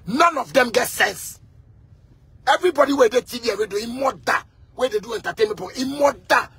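A man with a Ghanaian accent delivering a heated rant, repeating himself and bursting into shouts. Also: extremely high pitch, fairly quick, slightly rough. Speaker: musician.

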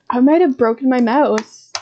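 A woman's voice: high voice, mellow, lo-fi sound, a little hiss or hum. A woman streaming a horror game, swearing and laughing at her own scares as she comments. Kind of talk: live gameplay commentary.

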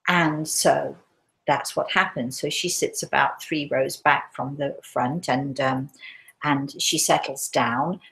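An English woman with a fairly low voice narrates a story live as a medium. She tells it in a conversational way and slips into a soft, hushed voice for her own quoted words. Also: rough recording. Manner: drops to a hushed, gentle voice when quoting herself. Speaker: spiritualist medium.

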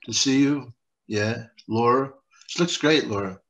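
A sardonic, wisecracking man trades improvised comedy banter as a therapy patient. His pitch sits in an ordinary middle range, and he delivers the jokes in a dry, mocking way. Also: a little slow, a bit bright, lo-fi sound. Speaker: comedian guest playing a patient.

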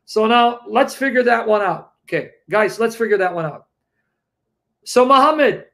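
High-pitched man telling an emphatic story. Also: lively intonation, moderate pace, creaky, pushed and bright. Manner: emphatic, incredulous, acts out quotes. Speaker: religious debate show co-host. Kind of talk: animated storytelling commentary.

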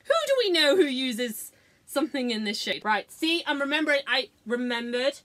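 A woman's voice: high voice, animated, normal speed, a bit bright. A woman, chatting casually through a makeup tutorial, sweary, giggly and self-mocking. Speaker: beauty vlogger.

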